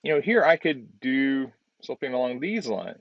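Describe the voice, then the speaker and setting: A male design instructor giving relaxed feedback on a student's project while demonstrating on screen, often repeating words as he works. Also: mid-range voice, normal speed, vocal fry, dry recording, muffled recording.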